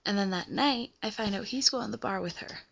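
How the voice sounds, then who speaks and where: A woman's voice: mid-range voice, a little fast, vocal fry, fairly bright tone, muffled recording. A young woman vlogging casually about a breakup, chatty and full of fillers, often asking the listener "right?". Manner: chatty, filler-heavy, keeps checking in with the listener. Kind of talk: casual confessional storytelling.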